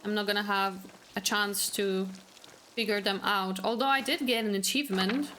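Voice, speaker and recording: A woman's voice: medium pitch, steady tone, normal speed, pushed and bright, slight background noise. A woman gaming streamer chatting casually and joking while she plays. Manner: chatty, joking, laughs often. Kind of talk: casual let's-play commentary.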